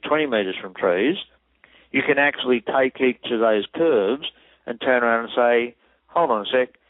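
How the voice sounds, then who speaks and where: A man's voice: mid-range voice, dry recording. A man, an acoustic engineer explaining technical details methodically in an interview. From Australia. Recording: tinny phone line.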